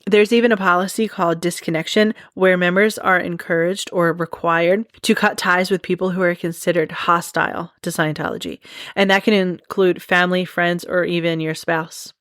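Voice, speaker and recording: A woman's voice: on the low side, steady tone, moderate pace, fairly bright tone, no room sound, studio quality. A woman hosting a podcast, explaining a topic in a chatty, casual monologue full of "like" and "you know". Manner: chatty, lots of "like" and "you know", laughs at herself. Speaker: podcast host.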